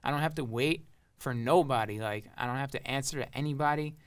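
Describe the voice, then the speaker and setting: A man's voice: medium pitch, fairly quick, clear, resonant tone. A young man from Long Island talking as a rapper and producer in a casual interview, rambling with lots of fillers and swearing. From Long Island, New York.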